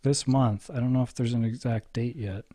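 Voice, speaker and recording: Mellow, easygoing male podcast co-host. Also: medium pitch, fairly even intonation, a little fast, dry recording. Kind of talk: casual chat.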